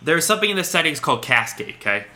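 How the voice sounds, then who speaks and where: A man's voice: a little high, very fast. A man hosting a podcast, telling a story in casual chat and acting out both sides of a conversation. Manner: animated storyteller, re-enacts dialogue. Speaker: podcast host.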